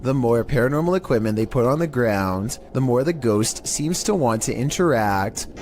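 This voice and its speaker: A man narrating a countdown of scary internet videos in a flat, monotone scripted delivery. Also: medium pitch, normal speed.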